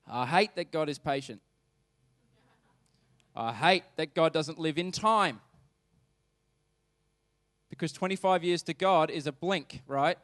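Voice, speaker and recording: A man's voice: fairly high pitch, slow, pauses often, fairly bright tone, no room sound, studio quality. A man preaching a sermon as pastor, talking conversationally and emphatically and putting questions to the congregation.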